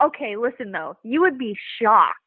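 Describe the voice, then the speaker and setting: A woman in her twenties, a guest on a podcast, telling stories in a bubbly, animated way and laughing often. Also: fairly high pitch, moderate pace, slightly rough, dry recording. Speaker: guest, Olympic pole vaulter. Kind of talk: casual interview over a phone line. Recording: tinny phone line.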